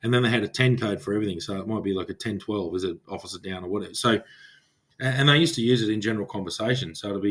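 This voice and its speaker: A man's voice: fairly low pitch, very fast, a bit bright. A man with an Australian accent, a former police officer co-hosting a podcast and telling stories in casual chat, acting out old radio calls as he goes.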